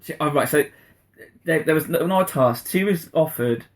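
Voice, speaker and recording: A man's voice: fairly high pitch, moderate pace. A man co-hosting a podcast, retelling scenes in casual chat and acting out quotes. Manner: animated storyteller, acts out quotes. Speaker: podcast co-host.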